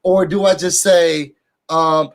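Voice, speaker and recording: A woman chatting casually about a reality TV episode, animated and laughing, with self-interruptions. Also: on the low side, slow. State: burping from a fizzy drink. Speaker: guest co-host. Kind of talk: casual reality TV recap chat.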